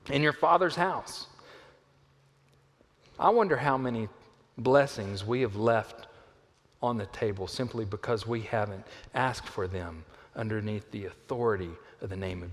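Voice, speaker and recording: A male pastor delivers a sermon in a church auditorium, his voice ringing with a long hall reverb. He swings from loud, lifted emphasis down to hushed, low lines, with playful asides along the way. His pitch sits in an ordinary middle range for a man. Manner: playful asides with a volunteer on stage.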